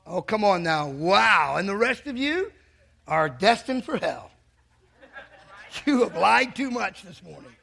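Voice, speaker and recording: A man's voice: high voice, sing-song, takes it slowly, creaky, pushed and bright, slightly rough. A middle-aged male pastor preaching a sermon, telling a funny story and teasing his congregation.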